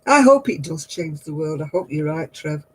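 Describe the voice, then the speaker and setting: Husky, chatty woman. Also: deep voice, animated, normal speed, low-quality recording. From northern England. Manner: chatty, laughs often, homely exclamations. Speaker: craft livestream host. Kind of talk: casual chat with viewers.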